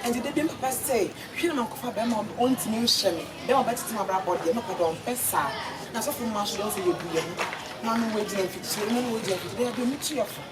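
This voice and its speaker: A woman's voice: a little high, animated, quick pace. Scolding woman, far off in a crowd. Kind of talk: comedy skit dialogue. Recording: distant mic, loud crowd and noise.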